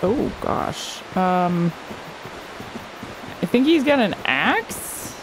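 A woman's voice: medium pitch, sing-song, very slow, background noise. A woman casually commenting on her own video game play, chatting to the enemies and exclaiming at close calls. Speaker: gamer streamer.

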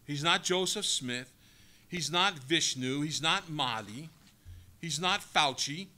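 A man's voice: fairly high pitch, animated, slow pace, sharp tone. A male pastor giving a sermon, preaching emphatically and asking the congregation rhetorical questions.

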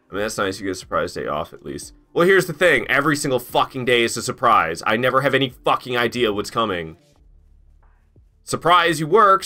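A man's voice: deep voice, bright, forceful tone. A man chatting casually on a live stream while playing a game, rambling, laughing at himself and swearing freely. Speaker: gaming streamer. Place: his garage.

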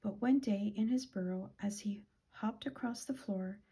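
A woman reading a children's picture book aloud, gentle and often dropping to a whisper, with a husky voice. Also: mid-range voice, normal speed. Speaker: children's storytime reader.

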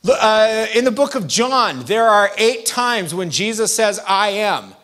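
High-voiced man preaching a conversational sermon. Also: lively intonation, unhurried, a bit bright. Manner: conversational, emphatic preaching with asides to the congregation. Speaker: pastor.

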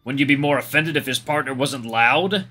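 A man's voice: medium pitch, moderate pace, sharp tone, faint music behind. A man voicing a teasing male companion with dry humor.

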